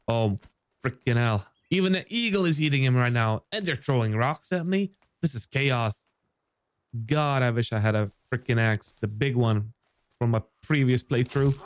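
A young man giving excitable let's play commentary on a survival game, swearing and shouting in surprise. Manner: excitable, swears, jumps high when surprised. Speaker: gaming YouTuber.

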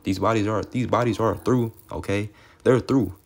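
A man's voice: lowish voice, fairly even intonation, normal speed. A young man giving an informal, rambling Bible teaching, cursing freely and tagging his lines with "man" and "okay". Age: young adult. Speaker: street preacher.

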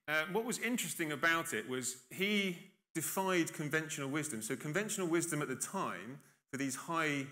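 A man's voice: mid-range voice, sharp tone. A man giving a conference keynote in a chatty, self-deprecating way with dry irony. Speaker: keynote speaker. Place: conference hall stage.

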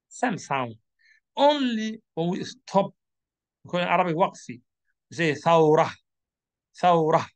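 Teaching Quran reading in a slow classroom lesson, a man with a Somali accent and fairly high voice spells out letters and draws out each syllable as he repeats it.

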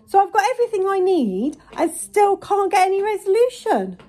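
Exasperated high-voiced woman venting. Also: moderate pace. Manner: exasperated, animated retelling of a complaint. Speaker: vlogger. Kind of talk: casual venting to camera.

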